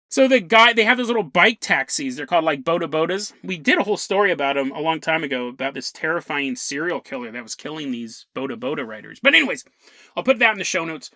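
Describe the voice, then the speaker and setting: A young man spins a rambling comic tale for his podcast, his bright voice swinging high and low as he jumps into funny voices for the people in the story. The sound is dry and close, with no room around it. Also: animated, fairly quick, no echo. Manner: rambling, jokey, acts out quotes in funny voices. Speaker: podcast host. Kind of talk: comedic storytelling.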